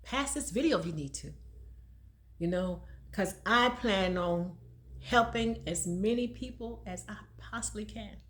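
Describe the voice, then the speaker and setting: A woman's voice: medium pitch, a little slow, fairly bright tone. A woman in her sixties, a domestic violence advocate speaking casually to the camera, emphatic and preachy and laughing often between her points.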